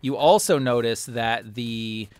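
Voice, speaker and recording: A man's voice: medium pitch, takes it slowly, darkish tone, clear, resonant tone, dry recording. A man narrating as game master in a tabletop game, rambling with many fillers.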